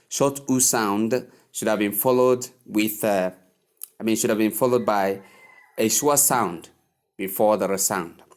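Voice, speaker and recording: A man teaching English pronunciation, speaking slowly and deliberately and repeating words for learners to echo. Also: lowish voice. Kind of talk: pronunciation lesson.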